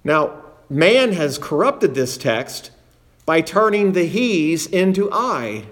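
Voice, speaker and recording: A man delivers a sermon from the pulpit in an earnest teaching manner. His voice sits a little higher than most men's. He often repeats a phrase to drive the point home. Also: very animated, takes it slowly, fairly bright tone. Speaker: preacher.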